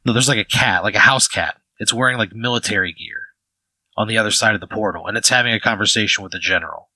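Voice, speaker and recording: A man's voice: on the low side, fast, bright, forceful tone, dry recording, rough recording. A man narrating as game master in a rambling way, full of "like" fillers.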